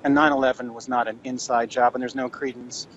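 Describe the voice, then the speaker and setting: A man's voice: mid-range voice, flat delivery, fairly quick, a bit bright, highs cut off, slight background noise. A man calling in to a radio show, lecturing the host dismissively. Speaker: caller. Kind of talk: call-in radio argument.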